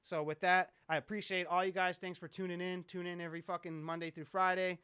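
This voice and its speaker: A man's voice: high voice, level tone, brisk, pushed and bright, smooth, no room sound, studio quality. A man who produces music, hosting a casual live stream, rambling, joking and swearing a lot. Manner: profane, rambling, joking with chat.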